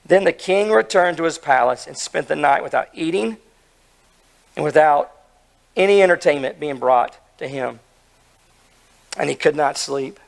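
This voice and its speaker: A hoarse man delivers an earnest sermon, his voice gravelly and pitched a little high. He preaches with emphasis and keeps asking his listeners questions. The delivery is that of a pastor. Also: lively intonation, normal speed, long pauses.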